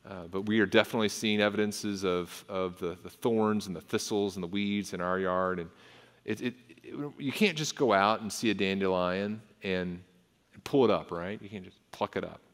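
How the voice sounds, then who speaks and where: A pastor preaching a sermon in earnest, with frequent repetitions and restarts, and his pitch and force rise when he reads scripture. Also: moderate pace. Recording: long hall reverb.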